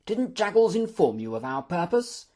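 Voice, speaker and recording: A gruff, commanding old lord , as an audiobook narrator puts him on speaks with firm authority. His husky voice rises and falls across a lively range as he lays out his orders. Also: a little high, moderate pace, voice pushed up. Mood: stern. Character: stern elderly male lordship, commanding.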